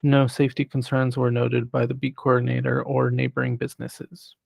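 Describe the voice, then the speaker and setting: A man on city planning staff who presents a formal report in a measured way, reading prepared remarks. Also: medium pitch, completely flat delivery, vocal fry, husky, dry recording. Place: city council chamber.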